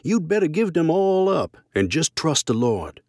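A man's voice: a little high, very animated, normal speed, darkish tone, no room sound, studio quality, pitched above the performer's own voice. A man voicing a cheerful, trusting working woman who speaks in a folksy dialect and answers firmly. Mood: cheerfully firm. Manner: folksy dialect, firm, joyful.

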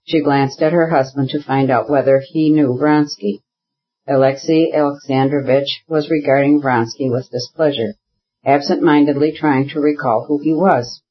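A man narrating a classic novel as an audiobook, in a measured, even reading. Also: fairly high pitch, husky, dull audio. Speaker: audiobook reader. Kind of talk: scripted narration.

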